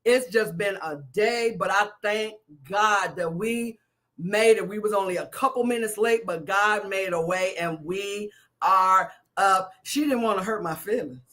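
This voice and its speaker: Woman minister hosting a live stream, bubbly, repeats herself a lot, bright and forceful tone. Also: medium pitch, unhurried. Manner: excitable, repeats herself, greets viewers by name. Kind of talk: casual live-stream chat.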